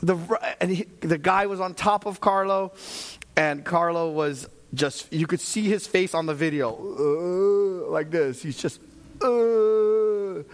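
Animated, high-voiced man preaching. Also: slow. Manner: animated storytelling, shouting for emphasis. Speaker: pastor. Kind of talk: sermon.

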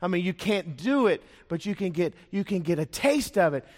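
Fairly high-voiced preacher in a reverberant church. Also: male voice, big pitch swings, normal speed. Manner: storytelling preacher, rhetorical questions, drops to a hush for emphasis. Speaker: pastor. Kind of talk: sermon. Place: church sanctuary. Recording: long church hall reverb.

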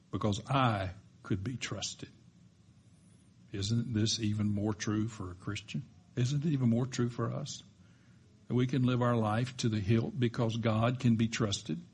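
A man's voice: mid-range voice, husky. A man preaching a sermon in a church, emphatic and building to strong peaks, with joking asides to the congregation. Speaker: pastor.

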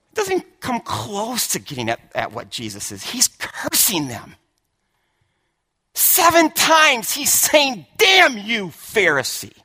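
A man preaching a sermon with emphasis, often repeating words and swinging from hushed lines to shouted ones. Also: mid-range voice, vocal fry, breathy edge. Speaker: pastor.

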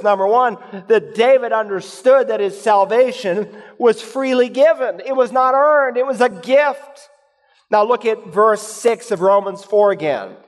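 A man preaching a sermon, reading scripture in a low, measured voice and rising to loud, emphatic points. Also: long reverb tail. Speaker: pastor.

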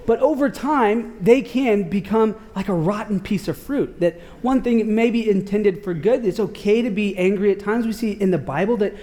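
A man preaching a casual sermon, telling a story in an animated, slangy way with lots of filler words. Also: high-pitched, moderate pace, hardly any pauses. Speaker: pastor.

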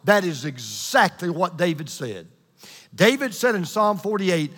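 Pastor guy preaching, high bright voice, big reverb from the church hall. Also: big pitch swings. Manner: emphatic, repetitive preaching cadence, slows down for key lines. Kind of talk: sermon.

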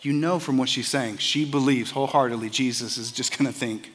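A man's voice: mid-range voice, a little fast, hardly any pauses, fairly bright tone, big-room sound. A man preaching a sermon as a pastor, earnest and conversational, often repeating words as he starts a phrase.

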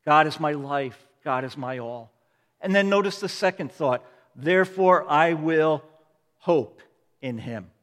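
A pastor preaches in a slightly high voice, building his lines into repeated refrains and strong swells of emphasis. His words ring out with the long reverb of a large church sanctuary. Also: expressive, a little slow, a bit bright. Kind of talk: sermon.

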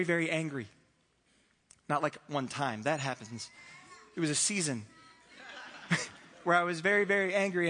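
A man's voice: on the high side, sharp tone. A man preaching a conversational sermon as pastor, acting out little dialogues and chuckling as he goes. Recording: reverberant hall.

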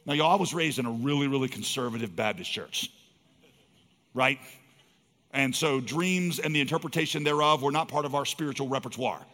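A man's voice: mid-range voice, fairly quick, fairly bright tone. A man preaching a sermon, telling a story earnestly and building to emphatic urgency. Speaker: pastor. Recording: long hall reverb.

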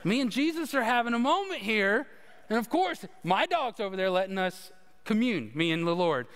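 A man's voice: high-pitched, lively intonation, normal speed, a bit bright, in a large hall. A man, a pastor preaching a conversational sermon with humorous stories. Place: church sanctuary.

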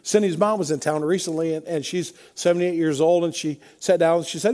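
A man preaching a sermon, his voice sitting notably high for a man. He talks in a conversational, emphatic way, stacking repeated refrains as he builds his points. He sounds middle-aged. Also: a little fast, few pauses, a little mellow. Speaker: pastor.

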